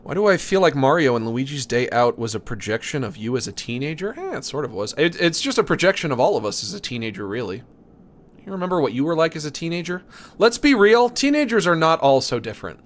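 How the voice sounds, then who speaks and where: A man's voice: fairly high pitch, very animated, quick pace, slight background noise. A man hosting a let's play, making joking, chatty asides about the game. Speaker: host.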